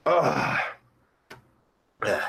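A man's voice: wildly swooping pitch, drawn-out words, vocal fry, sharp tone, full character voice. A man playing a crude, boastful adult male pimp in an improvised live-chat comedy rant. He has a sore throat, and his talk is vulgar and rambling. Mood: sleazy. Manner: vulgar, rambling, swings pitch up and down. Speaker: live-stream comedy host in character.

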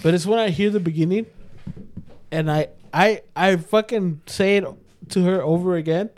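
A man's voice: high voice, normal speed, a little mellow. Profane, crude man telling stories. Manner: crude, swears constantly, storytelling. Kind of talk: casual profane chat.

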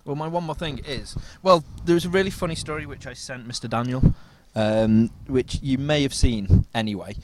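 A man's voice: mid-range voice, normal speed, hardly any pauses, background noise. Male podcast co-host, easygoing, teasing, trails off. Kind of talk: casual chat. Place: comic convention.

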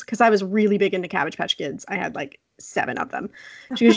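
A woman telling a personal story on a casual podcast, lively, laughing often and acting out the people she quotes. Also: mid-range voice, a little fast, no room sound. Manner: animated, laughs often, acts out quoted voices. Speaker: podcast co-host.

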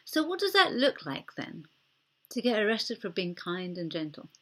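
A woman preaching a sermon in a gentle, conversational way, often dropping her voice almost to a whisper. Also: mid-range voice, very animated, moderate pace.

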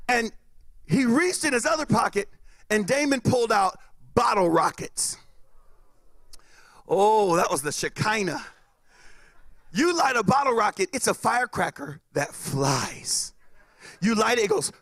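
A man doing stand-up, telling a story with loud sound effects and acted-out voices. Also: high-pitched, lively intonation, measured pace, long pauses, dry recording, studio quality. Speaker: comedian.

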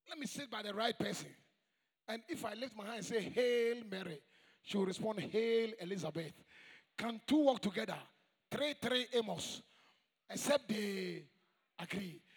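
A man preaching a sermon to a church congregation, emphatic and call-and-response, with shouted high points. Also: breathy edge. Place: large church hall. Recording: long echoing church reverb.

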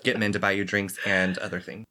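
A woman's voice: extremely low pitch, flat delivery, a little fast, sharp tone. A woman co-hosting a podcast in casual chat, rambling and joking with lots of "like" asides. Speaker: podcast co-host.

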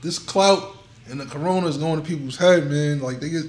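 A man in casual banter as a podcast co-host, slangy and excitable, often trailing off mid-sentence. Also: a little high, a little fast, a little hiss or hum. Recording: roomy echo.

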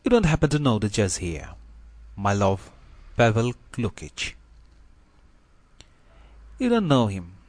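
A man's voice: fairly low pitch, huge pitch swings, slow pace, pauses often, darkish tone, no room sound, full character voice. A man reading as a chatty country doctor. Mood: confiding. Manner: chatty confiding storytelling. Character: thin talkative country doctor, middle-aged man. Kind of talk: audiobook reading.

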